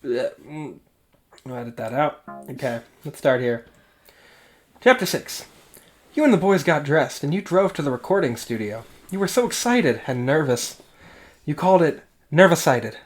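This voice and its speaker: Woman co-host, very low voice, giggly, self-mocking, reading fan fiction aloud. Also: expressive, moderate pace, pauses often. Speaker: podcast co-host.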